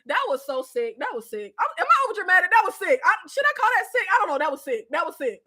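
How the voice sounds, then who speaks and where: This woman's very high voice comes out fast as she hosts an easygoing recap chat on a live stream. She's lively and slangy, laughs frequently, and has a stuffy nose and rough throat.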